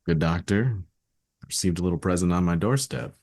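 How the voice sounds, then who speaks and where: A laconic private detective, played by a man with a deep voice in a dry room. He keeps his replies clipped and businesslike. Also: normal speed, darkish tone, no echo. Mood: terse.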